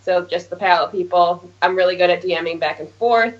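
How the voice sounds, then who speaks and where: A woman's voice: on the low side, fairly quick. A woman guesting on a podcast, talking candidly and chattily with little laughs. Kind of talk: casual podcast chat. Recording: dull lo-fi podcast audio.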